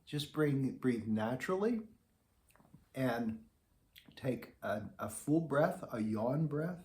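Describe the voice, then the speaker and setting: A man's voice: medium pitch, expressive, slow, darkish tone. A man teaching beginner trombone in an easygoing, conversational way, demonstrating as he explains. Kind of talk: relaxed instructional talk to camera. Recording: echoey room.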